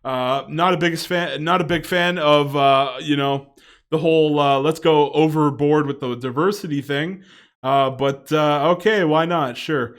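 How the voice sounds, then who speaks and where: A man's voice: a little high, unhurried. A man giving a casual, rambling video commentary, with many fillers and chuckling asides.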